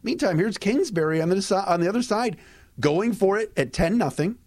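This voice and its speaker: A man hosting a sports podcast, giving a casual postgame recap in a lively, conversational way with fillers and restarts. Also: high-pitched, brisk, no echo, studio quality. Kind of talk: casual postgame recap and host-read ads.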